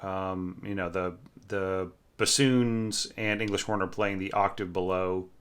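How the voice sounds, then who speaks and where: A man's voice: low-pitched, fairly even intonation, measured pace, fairly bright tone, clear, resonant tone. A man critiquing orchestration scores in a casual, thinking-aloud way, with many fillers, often humming the parts he is reading. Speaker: orchestration teacher reviewing scores.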